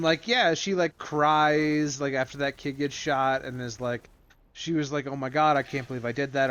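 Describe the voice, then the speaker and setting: A man co-hosting a casual comic book podcast, retelling scenes with animated put-on voices. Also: medium pitch, lo-fi sound. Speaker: podcast co-host.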